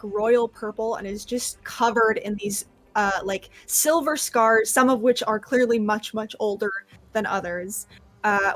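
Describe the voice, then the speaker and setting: A woman's voice: mid-range voice, fairly bright tone. A woman player describing her character at length in a casual tabletop game, with many fillers.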